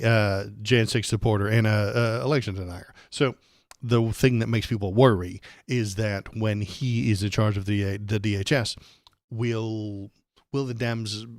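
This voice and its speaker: A man's voice: fairly low pitch, no echo, studio quality. A man hosting a live political stream, ranting angrily and sarcastically with plenty of profanity. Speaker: livestream political commentator.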